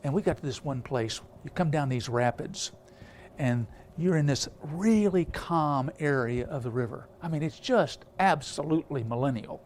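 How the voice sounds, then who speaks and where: A man's voice: fairly high pitch, moderate pace, darkish tone, slight background noise. A man preaching a storytelling sermon, rambling with many filler sounds and restarts.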